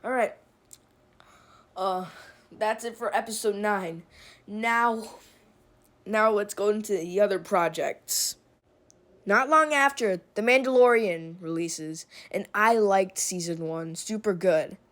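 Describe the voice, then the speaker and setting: Woman, casual film rant; sarcastic, rambling, exasperated; unhurried delivery. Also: medium pitch, a bit bright. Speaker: video essayist.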